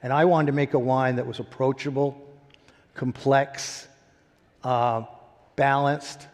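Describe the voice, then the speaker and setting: A man in his sixties telling his story as a winery founder, animated and laughing often. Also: medium pitch, slow, long reverb tail. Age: 60s. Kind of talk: storytelling interview.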